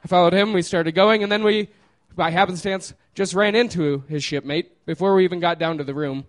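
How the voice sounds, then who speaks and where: Guy telling a wild story, laughs a lot, kinda high voice. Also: brisk. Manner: casual and laughing, with lots of fillers.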